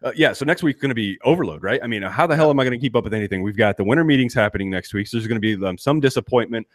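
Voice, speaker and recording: A man's voice: medium pitch, animated, very fast, no echo, studio quality. A middle-aged man co-hosting a sports podcast, ranting in an exasperated way and restarting his sentences often. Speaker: podcast co-host. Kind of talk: casual sports chat.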